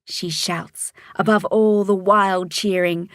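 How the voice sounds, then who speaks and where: A woman reading a children's storybook aloud, narrating calmly and expressively. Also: mid-range voice, a little slow, no room sound, clean studio sound.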